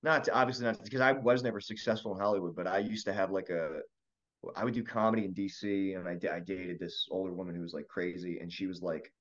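A man's voice: steady tone, fast, muffled recording. A man from Maryland who is a comedian, co-hosting a podcast in a rambling, self-interrupting chat. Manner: rambling, self-interrupting, drops pitch when telling stories. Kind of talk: casual chat.

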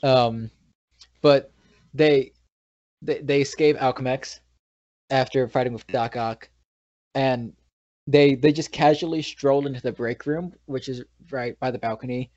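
A man's voice: medium pitch, fairly even intonation, a little slow, pauses often, darkish tone, no echo. Rambling man from New York, dry sound. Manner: rambling retelling with many restarts. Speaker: podcast co-host. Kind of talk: casual movie recap chat. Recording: dull, dry lo-fi recording.

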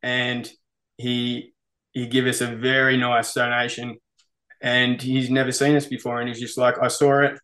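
A man's voice: mid-range voice, monotone, a little slow, pushed and bright. A man with an Australian accent, a metal musician being interviewed, laid-back and sweary, saying "mate" often. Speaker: metal band musician, guest. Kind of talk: casual interview.

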